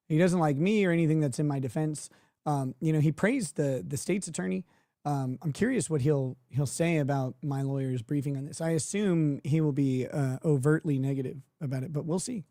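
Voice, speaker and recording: A man's voice: fairly high pitch, mellow, no echo, clean studio sound. A man hosting a livestream, talking casually and sarcastically and laughing often. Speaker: livestream host.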